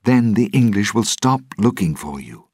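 A man's voice: on the low side, sing-song, moderate pace, darkish tone, slightly rough, no echo, studio quality, voice pushed up. A man voicing an earnest, desperate young man who speaks in an urgent, pleading way.

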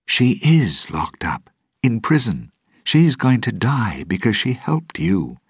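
A man's voice: mid-range voice, big pitch swings, slow, gravelly, husky, no room sound, studio quality, voice pushed up, heavily acted. A man voicing an earnest, desperate young man who speaks in an urgent, pleading way.

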